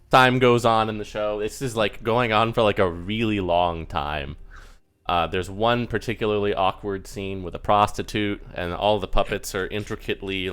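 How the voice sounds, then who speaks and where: A man's voice: low-pitched, fairly bright tone, clean tone. A man narrating a tabletop game as game master, telling it casually with frequent "like"s and laughs. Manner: casual, laughing storyteller with many "like"s.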